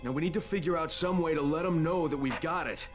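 A man's voice: fairly high pitch, quick pace, faint music behind, lightly acted. An actor playing a determined male agent who talks in an earnest, urgent way.

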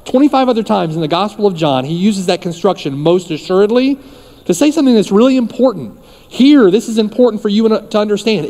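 A man's voice: high voice, big pitch swings, moderate pace, warm tone. Emphatic preaching man in a reverberant hall. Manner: emphatic preaching with repeated phrases. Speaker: pastor. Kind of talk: sermon. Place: church.

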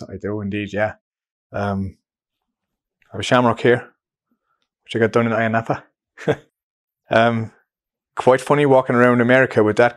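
A German-born man speaking English with a picked-up Irish lilt, somewhat low in pitch. He talks loosely and jokes at his own expense, pausing now and then to hunt for a word. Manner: chatty, self-mocking, searches for words. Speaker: interviewee, musician. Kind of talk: casual documentary interview.

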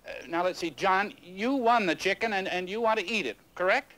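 An actor playing a calm, soft-spoken neighbor trying to settle a dispute in a 1960s sitcom, hesitant and conciliatory. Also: male voice, high-pitched, brisk, rough recording. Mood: reasoning. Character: calm reasonable neighbor man, peacemaker.

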